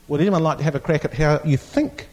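A man's voice: a little high, quick pace, a little mellow. A man teaching a Bible class, reading scripture aloud with strong emphasis and putting questions to the group.

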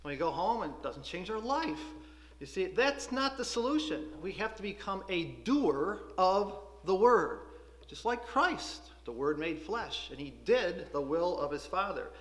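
Animated man preaching in an echoey room. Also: sits high, unhurried. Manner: animated, conversational preaching with restarts. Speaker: Bible school teacher. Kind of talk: Bible class sermon.

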